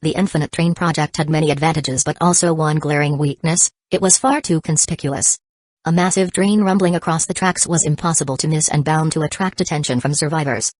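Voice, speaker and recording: A woman narrating an audiobook in a steady, even reading voice. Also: sits low, a little fast, no echo. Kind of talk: scripted narration.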